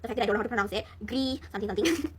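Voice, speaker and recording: A woman's voice: a little high, rapid-fire, a little hiss or hum. A young woman rambling casually as she retells a story, with lots of fillers, swearing and laughter. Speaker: vlogger.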